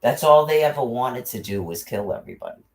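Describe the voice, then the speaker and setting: A man's voice: medium pitch, animated, fast. A man ranting into his livestream in an agitated monologue, cursing heavily and repeating himself as he piles up accusations.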